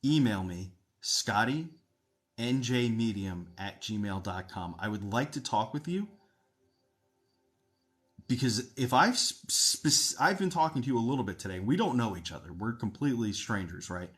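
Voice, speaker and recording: A man hosting a live stream as a psychic medium, chatting with viewers, thanking them and describing what he senses in a steady, explanatory way. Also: mid-range voice, moderate pace. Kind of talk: casual live-stream chat with readings.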